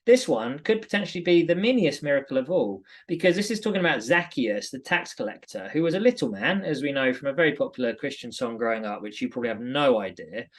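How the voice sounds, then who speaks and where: A man from Britain co-hosting a podcast, giving a chatty, animated Bible commentary full of asides. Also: medium pitch, quick pace, hardly any pauses. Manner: chatty, animated storytelling with many "like"s. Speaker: podcast co-host. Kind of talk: casual Bible commentary chat.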